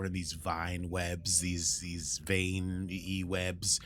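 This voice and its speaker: Man, podcast host, low pitch, forceful bright tone, casual recap, animated and playful. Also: extremely slow, few pauses, faint music behind. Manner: animated, breaks into sung lines and silly voices.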